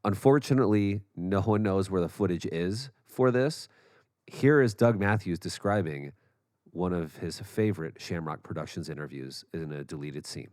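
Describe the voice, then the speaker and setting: A man co-hosting a podcast who asks calm, measured interview questions. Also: low-pitched, no room sound, clean studio sound. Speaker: podcast co-host and documentary director.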